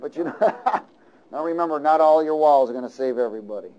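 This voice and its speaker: A male pastor preaching with a lively, chatty delivery. He often turns questions on his listeners, and his voice sits somewhat high for a man. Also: quick pace, muffled recording. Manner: lively, conversational, asks the audience questions. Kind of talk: sermon.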